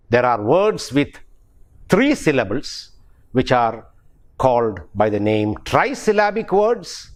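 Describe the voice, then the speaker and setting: Slow, lively-toned Indian English lecturer. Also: male voice, mid-range voice. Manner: slow, deliberate, repeats words with stress contrasts. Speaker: English professor. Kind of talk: recorded pronunciation lecture.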